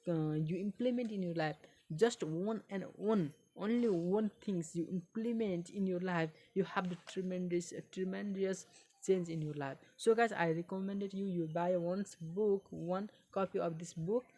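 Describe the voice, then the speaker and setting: A woman, not a native English speaker, reading a book aloud in a halting way and repeating phrases for learners. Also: fairly low pitch, dark tone, a little hiss or hum.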